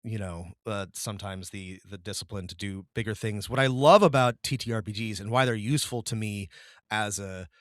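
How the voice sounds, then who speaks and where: A man's voice: on the low side, brisk, no echo, studio quality. A man co-hosting a podcast in casual chat, rambling with frequent restarts and laughs. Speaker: podcast co-host.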